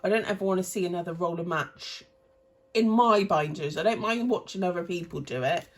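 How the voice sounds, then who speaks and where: A woman in her thirties with a lowish voice talks a little fast as she stuffs cash into budget envelopes. She's a chatty, rambling vlogger who corrects herself mid-thought.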